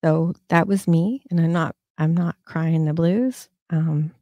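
A woman's voice: low voice, steady tone, a little slow, warm tone, no echo, muffled recording. A woman in her fifties hosting a casual livestream, telling stories with lots of fillers and restarts. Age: 50s. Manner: rambling storyteller, many fillers and restarts. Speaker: host.

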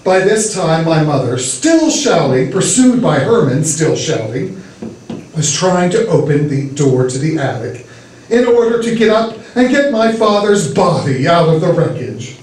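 A man reading a humorous story aloud with expressive storytelling delivery, performing at a church variety show. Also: a little high, unhurried, slight background noise. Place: church hall with audience. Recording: echoey hall from far off.

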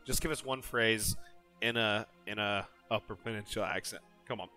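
A man's voice: on the low side, normal speed, over music. A man hosting a casual gaming stream, laughing often and teasing his co-hosts. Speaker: podcast host.

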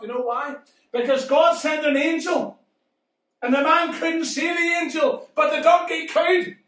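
A man teaching Sunday school, telling a Bible story to children with animated swings between shouts and hushed tones. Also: very high-pitched, moderate pace. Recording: echoey room, far from mic.

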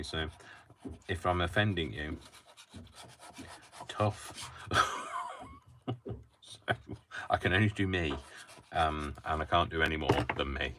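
A man's voice: extremely low pitch, sharp tone, slight background noise. A man hosting a live crafting tutorial from his home craft room, chatting in a wry, joking way. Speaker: crafting host.

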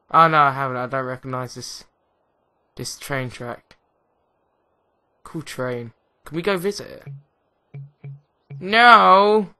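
A young English man talks his way through a video game at an unhurried, drawn-out pace. His voice is bright and ringing, and he rambles excitedly, poking fun at himself as he goes. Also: mid-range voice, clean tone. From England. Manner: rambling, excitable, self-mocking. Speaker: gaming commentator. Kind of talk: let's play commentary.

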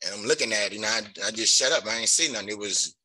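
Man, middle-aged, rambling earnest testimony, low pitch, very bright sharp tone. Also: animated, fast talker, poor audio. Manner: rambling, earnest, full of "you know". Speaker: parolee at a hearing. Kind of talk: pleading testimony.

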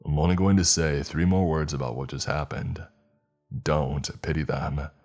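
A man voicing a gruff, curt older male shopkeeper in a narrated horror story. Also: a bass voice, fairly quick, a little mellow.

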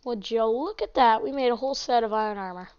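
A woman's voice: on the high side, quick pace, a little mellow, clean tone. A woman hosting casual gameplay commentary from home, chatty and giggly, chatting to her pets along the way. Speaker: gaming channel host. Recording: dull lo-fi mic.

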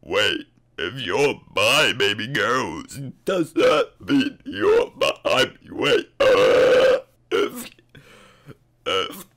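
A man voicing a smug, deep, gravelly grown man in a slow, hammed-up comedic bit. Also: huge pitch swings, a bit bright, heavily acted. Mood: mock-seductive. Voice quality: gravelly, strained low voice. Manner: slow, drawn-out, hamming it up.

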